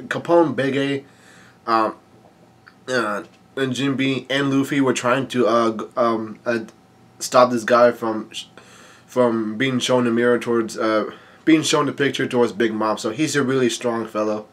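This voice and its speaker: A man casually recapping a comic chapter at a middling pitch. He talks in a halting way, stopping and restarting often with plenty of fillers. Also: fairly even intonation. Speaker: manga reviewer.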